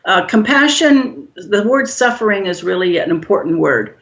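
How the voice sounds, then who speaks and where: Calm woman explaining, dull lo-fi sound. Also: medium pitch. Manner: calm, measured, gently instructive. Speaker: guest expert on healing shame. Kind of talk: explanatory interview answers. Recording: dull lo-fi audio.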